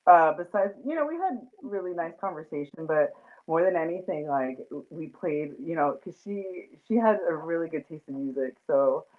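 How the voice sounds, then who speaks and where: Over a tinny, phone-like line, a woman host rambles through a casual chat, laughing a lot and filling gaps with fillers. Her voice sits low with lively intonation at a moderate pace.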